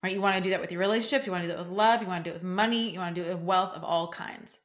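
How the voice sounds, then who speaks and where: Racing through her words, a young woman hosts her own coaching podcast, talking casually and emphatically. Her voice is lowish, she says "like" a lot, and she dramatizes the reactions she quotes.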